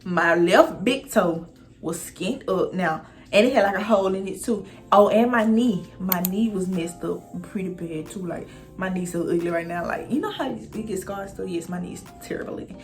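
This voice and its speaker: A young woman casually telling her viewers a story, animated and profane, talking straight to them. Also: fairly low pitch, normal speed, faint music behind.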